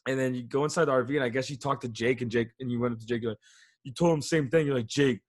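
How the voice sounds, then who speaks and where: A man's voice: medium pitch, racing. A young man co-hosting a podcast, telling a rambling story with lots of swearing and restarts. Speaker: podcast co-host. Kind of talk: casual storytelling chat.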